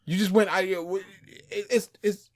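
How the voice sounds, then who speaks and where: A man's voice: high voice, steady tone, measured pace. A man co-hosting a podcast, talking in an emphatic, rambling way in casual chat. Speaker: podcast co-host.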